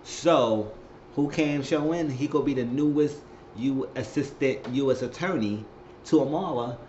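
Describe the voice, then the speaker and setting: A man's voice: mid-range voice, a little slow, darkish tone. A man giving a casual, slangy recap of a TV episode, retelling scenes with lots of exclamations. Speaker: TV show recapper. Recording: roomy, dull recording with faint hiss.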